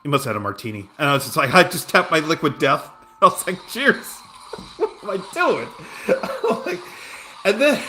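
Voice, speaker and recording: A game streamer from Southern California chats casually on his livestream, reacting to his game while telling a wandering story packed with fillers and restarts. His voice is slightly high and sharp, with a little hiss or hum in the audio.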